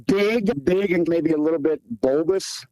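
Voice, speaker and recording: A man in his forties from the Pacific Northwest answers interview questions in a plain, repetitive way, leaning on fillers. His voice is mellow and warm. The sound is dry and close, with no room echo. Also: fairly high pitch, a little slow. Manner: plainspoken, repeats himself, many fillers. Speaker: guest, hunter describing a sighting.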